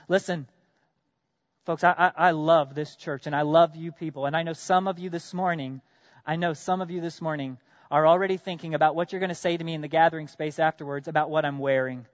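A man preaching a sermon as pastor, earnest, asking his congregation direct questions, swinging from loud emphatic bursts to quiet drops. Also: a little high, dry recording, lo-fi sound.

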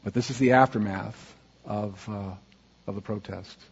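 A man speaking earnestly to a congregation as he narrates a slideshow, asking for the next slide and pausing on fillers. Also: on the low side, steady tone, slightly rough. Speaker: church mission speaker presenting slides. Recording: dull, muffled audio with long hall reverb.

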